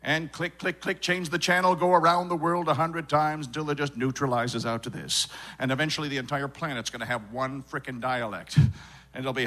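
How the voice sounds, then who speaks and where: Male stand-up comic, high and bright, animated, leaps between silly put-on voices; live theater set. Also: moderate pace. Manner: animated, slips into many put-on voices and dialects. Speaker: stand-up comedian.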